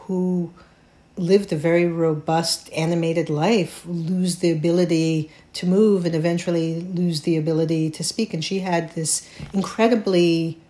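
Woman, middle-aged, low-pitched, reflective, halting, interview storytelling. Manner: thoughtful, halting with many restarts, grows animated when telling the story. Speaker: playwright, interview guest.

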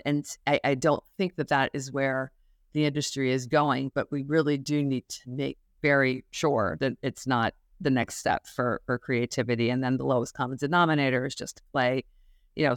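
Middle-aged woman on a podcast, earnest and thoughtful, smooth voice, dry sound. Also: deep voice, dry recording. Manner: earnest, thoughtful, with filler restarts. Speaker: music business professor and guest. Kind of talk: podcast interview.

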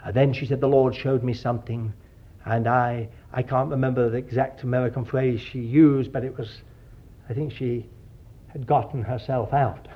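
A man's voice: medium pitch, fairly even intonation, moderate pace, husky. A man preaching a sermon in an earnest, digressive way, often calling his listeners dear child of God. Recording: dull lo-fi sermon recording.

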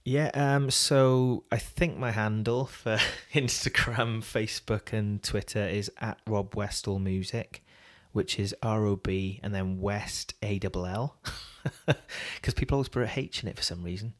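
A man's voice: on the low side, fairly even intonation, unhurried. A British man, a worship singer-songwriter, talking casually and rambling in a podcast interview with lots of ums. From Britain.

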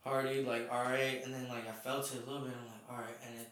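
A man's voice: medium pitch, flat delivery, fast talker, a bit bright. Man telling a rambling story. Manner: profane, rambling, acts out quotes. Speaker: podcast co-host. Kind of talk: casual storytelling. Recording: echoey room, background noise.

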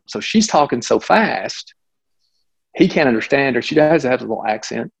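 A middle-aged man, a physician, tells a case story in a conversational, animated way, with frequent restarts and asides. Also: medium pitch, a little fast, gravelly, slightly rough, rough recording. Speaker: physician guest.

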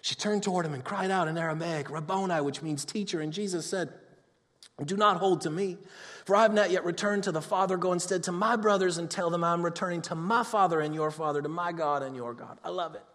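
A man preaching a sermon in a conversational way, moving between loud excitement and hushed, intimate talk. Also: sits high, brisk. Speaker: pastor. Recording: long hall reverb.

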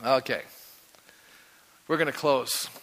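Bright-voiced energetic man preaching. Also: medium pitch, slow pace, big-room sound. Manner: energetic, quizzes the congregation with rising questions. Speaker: pastor. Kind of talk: sermon.

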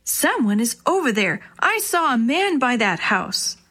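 Picture a spirited, bossy young girl in a children's storybook. Her voice sits high and excited as she calls out to the boys. A woman reads her out. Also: a little slow, exaggerated voice. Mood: eager. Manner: excited, exclamatory.

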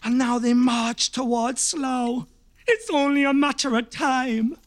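An actor playing a chained, conspiratorial chicken-shop owner in a comedy audio drama, hushed and gossipy. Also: male voice, very high-pitched, steady tone, slow pace.

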